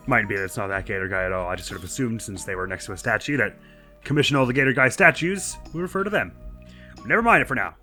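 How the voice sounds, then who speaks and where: A young man with a bright, forceful voice talks through a video game in loose, chatty commentary. He is self-deprecating and laughs often, over faint game music. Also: medium pitch. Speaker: let's play host. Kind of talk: casual gameplay commentary.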